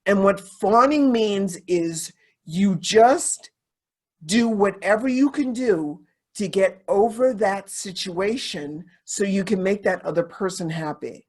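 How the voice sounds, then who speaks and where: A woman's voice: mid-range voice, takes it slowly, a little mellow, slightly rough. A woman speaking candidly and confessionally as a podcast guest, circling back and repeating phrases as she talks. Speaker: podcast guest, sensuality teacher. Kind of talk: candid conversational podcast talk.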